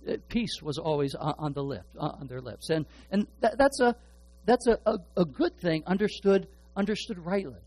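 A middle-aged pastor preaching a sermon in an earnest way, often stumbling and repeating words as he builds a point. His voice sits a little higher than most men's. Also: expressive, normal speed, a little mellow, low-quality recording.

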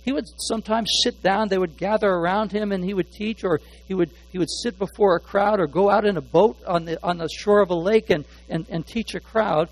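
Poor audio captures a man, a pastor with a high voice, giving a sermon with a halting delivery. He keeps repeating words while hunting for phrasing, shifting from hushed asides to strongly emphasized words.

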